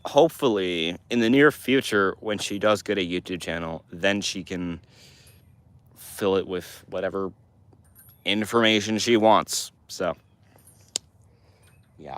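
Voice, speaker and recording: Teen male streamer, low-ish voice, loose and rambling while reading chat. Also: a little slow, long pauses, fairly bright tone, no echo. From Montana, US. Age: teens. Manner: rambling, with restarts and fillers. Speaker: livestream host answering chat. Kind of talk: casual livestream chat.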